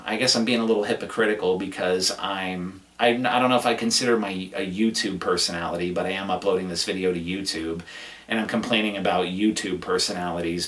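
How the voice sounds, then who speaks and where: A man's voice: low voice, fairly bright tone, far from the mic, slight background noise. Sarcastic, cursing man in an echoey room. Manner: sarcastic, profane, rambling rant. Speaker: gaming commentator. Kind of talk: casual recap commentary.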